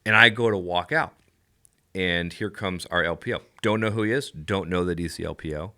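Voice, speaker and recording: Low-voiced animated man telling war stories. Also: moderate pace. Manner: animated storyteller, laughs often. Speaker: podcast guest, former Navy SEAL. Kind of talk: casual storytelling chat.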